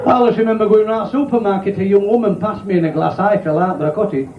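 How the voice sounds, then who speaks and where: A man's voice: sits high, fast talker, roomy sound, highs cut off, a crowd in the background, noisy background. A man with a broad South Yorkshire accent doing club stand-up, an earthy, chatty storyteller. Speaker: stand-up comedian. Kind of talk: club stand-up telling blue jokes.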